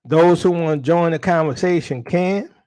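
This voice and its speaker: This slightly high male voice has a dark tone and moderate pace as he preaches casually to viewers on a livestream. He uses slang, says y'all to the audience, and constantly asks rhetorical questions.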